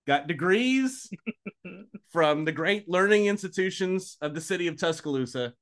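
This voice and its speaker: A man in his forties, a play-by-play announcer co-hosting a sports podcast in casual, dry, self-mocking chat, quick to laugh. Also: high-pitched, lively intonation, a bit bright.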